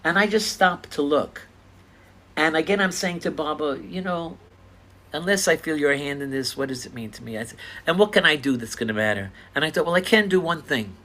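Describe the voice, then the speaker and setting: An older man earnestly retelling his own encounters in a casual, animated storytelling style. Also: fairly high pitch, brisk. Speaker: speaker sharing personal stories.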